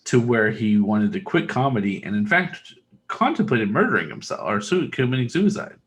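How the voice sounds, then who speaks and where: A man's voice: mid-range voice, very animated, moderate pace, a bit bright. A man co-hosting a podcast, telling long rambling stories in casual chat and swearing freely. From Texas. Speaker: podcast co-host.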